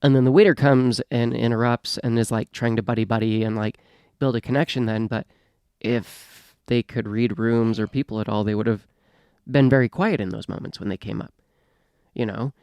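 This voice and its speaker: A man talks loosely on a casual podcast, packing his sentences with fillers as he goes. His pitch is ordinary and mid-range, and the sound is close and dry. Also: fairly even intonation, normal speed, darkish tone, smooth, no room sound, muffled recording. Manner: chatty, filler-heavy talker. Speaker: podcast co-host. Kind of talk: casual chat.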